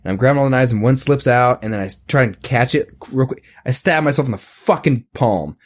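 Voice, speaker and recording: A man's voice: medium pitch, quick pace. A man in his thirties co-hosting a podcast, laid-back, laughing often and rambling through anecdotes. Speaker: podcast co-host. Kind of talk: casual comedic chat.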